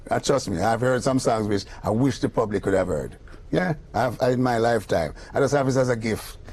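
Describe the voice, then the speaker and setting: A man's voice: mid-range voice, a little fast. An older man with a Jamaican accent, a music producer telling stories in an interview, slipping into patois and acting out the people he quotes. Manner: animated storyteller who slips into patois and acts out the people he quotes. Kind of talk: storytelling in a casual interview.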